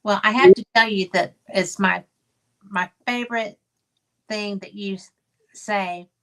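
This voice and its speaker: A woman's voice: mid-range voice, steady tone, a little slow, a bit bright. A woman hosting an interview show, chatting casually with her guest and reacting to his stories. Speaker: host.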